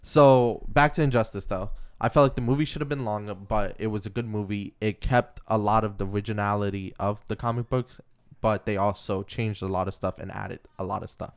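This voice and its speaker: A man's voice: lowish voice, fairly even intonation, a little fast, smooth. A young man co-hosting a podcast, chatting casually and loosely, often stopping to correct himself. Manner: chatty, self-correcting, laughs easily. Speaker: podcast co-host. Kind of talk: casual chat about comics and movies.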